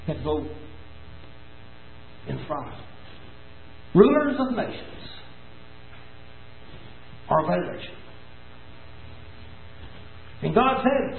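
High, lively preacher man. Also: takes it slowly, long pauses. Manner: animated storytelling with emphatic rises. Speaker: pastor. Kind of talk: sermon. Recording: tinny phone-like sound, echoey room.

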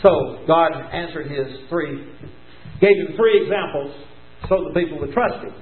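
A man preaching a sermon, telling the story with emphatic rises and falls. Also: high-pitched. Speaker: pastor. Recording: tinny phone-like sound, echoey room.

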